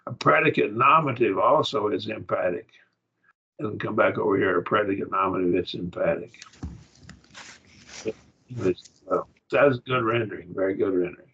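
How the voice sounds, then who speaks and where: Male teacher, low husky voice, patient classroom explainer, lo-fi recording. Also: moderate pace, pauses often, pushed and bright. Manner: patient, explaining step by step with frequent checks. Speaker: Greek grammar teacher. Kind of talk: classroom lesson.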